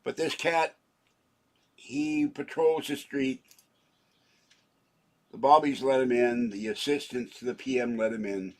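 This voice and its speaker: A man's voice: mid-range voice, fairly even intonation, unhurried, pauses often. A man in his seventies rambling through a home vlog, joking and interrupting himself as he goes. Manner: rambling, jokey, self-interrupting. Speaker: channel owner.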